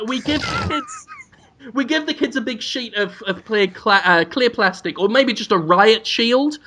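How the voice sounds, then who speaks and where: A man's voice: sits high, sharp tone. A man co-hosting a comedy podcast, rambling through absurd, crude scenarios. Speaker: podcast co-host.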